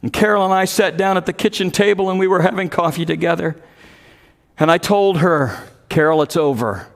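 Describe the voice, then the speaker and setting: A man preaching a sermon, telling a story emphatically and growing loud when he quotes others. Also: high-pitched, fairly even intonation, brisk, creaky.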